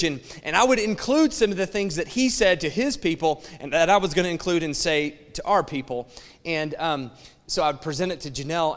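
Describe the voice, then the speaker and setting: A middle-aged pastor preaches a sermon, telling stories with animated humor and acting out both sides of each exchange. His voice is a little high for a man and rings with the long reverb of a church sanctuary.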